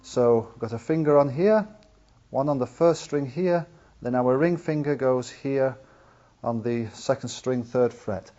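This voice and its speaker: In this lesson, a man walks through the ukulele patiently, step by step, demonstrating and counting the beats out loud. His medium-pitched voice is mellow and a little slow, with ukulele playing and soft music behind him. The video recording sounds slightly dull and lo-fi.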